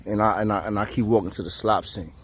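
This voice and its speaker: A man's voice: fairly low pitch, quick pace, breathy edge. A man telling a jail story to camera in casual street slang, acting out the voices of the people in it. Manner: animated, acts out quoted voices, profane street slang. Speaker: storyteller recounting jail time.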